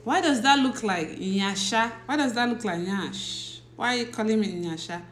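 Soft music plays behind a woman whose slightly high, fairly bright voice rings in a reverberant room. She's a teacher hosting a casual livestream from a phone or laptop, talking slowly, laughing often, and welcoming viewers by name.

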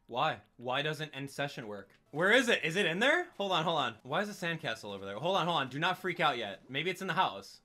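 A man giving live commentary on a game stream, excitable and exclaiming as he rants in frustration. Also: on the high side, a little fast, few pauses.

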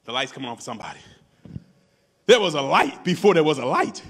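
Animated high-pitched preaching pastor. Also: male voice, fast, husky. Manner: preaching with rising shouts and repetition. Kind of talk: sermon.

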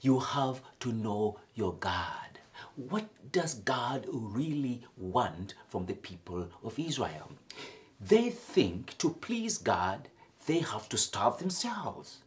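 A man from Africa delivers a homily in a low voice. He speaks slowly, swinging widely in pitch, rising to loud emphatic peaks and sinking to near whispers. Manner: expressive preaching with sudden loud emphatic lifts and soft near-whispered drops. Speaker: priest.

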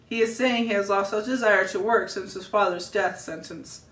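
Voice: medium pitch, steady tone, normal speed, fairly bright tone, lightly acted. A family reader voicing a stern, formal Roman officer in a read-aloud story, recorded from a distance in a roomy space.

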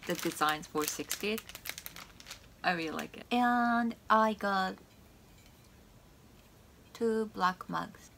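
Bright, slow-talking bubbly woman vlogger. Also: fairly low pitch, slight background noise. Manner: gushing, bubbly, talks to viewers directly. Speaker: vlogger showing her shopping haul. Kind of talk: casual chat to camera.

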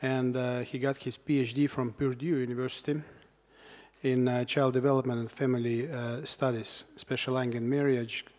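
A man's voice: mid-range voice, little pitch movement, darkish tone. Hesitant man introducing a speaker in a hall. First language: Estonian. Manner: hesitant, many filler pauses. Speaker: conference host introducing the speaker. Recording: long hall reverb.

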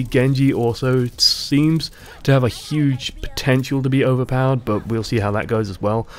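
A man giving measured, explanatory commentary on a video game in a vlog. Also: mid-range voice, a little mellow. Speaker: gaming YouTuber.

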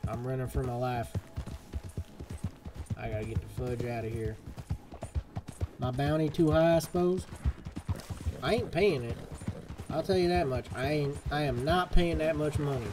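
A man streaming a western game live, chatting casually and swapping swear words for softer ones. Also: fairly high pitch, moderate pace, long pauses. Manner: chatty, swaps swears for "fudge". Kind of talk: live gameplay commentary. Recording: game music behind the voice.

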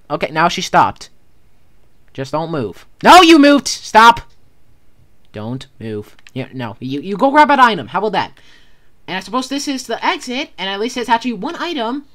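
Jumpy gameplay commentator: lively, swooping delivery, bright tone, stammers and repeats words when scared. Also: medium pitch. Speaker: gamer playing a horror game.

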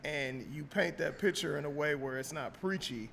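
Thoughtful podcast host, faint rumble behind. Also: male voice, normal speed, vocal fry, a bit bright. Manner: thoughtful, asks reflective questions. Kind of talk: casual podcast interview.

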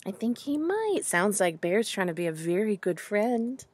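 A woman teacher reading a picture book aloud to young children, animated and full of questions, addressing them directly. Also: mid-range voice, moderate pace, slightly rough, no room sound. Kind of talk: children's story time read-aloud.

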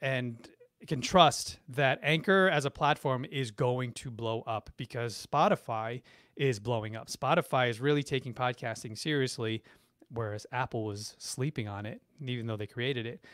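Brief: middle-aged male marketing guest, effusive, mid-pitched, close and dry. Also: moderate pace, a bit bright, no echo. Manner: enthusiastic and effusive, with frequent restarts. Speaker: branding and marketing expert guest. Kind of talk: live-stream Q&A reading chat comments.

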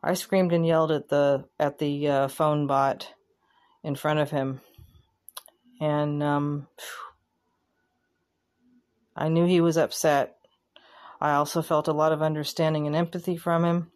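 A woman vlogger giving candid, plainspoken commentary, pausing and restarting as she thinks. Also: low voice, flat delivery, darkish tone. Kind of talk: casual reflective commentary.

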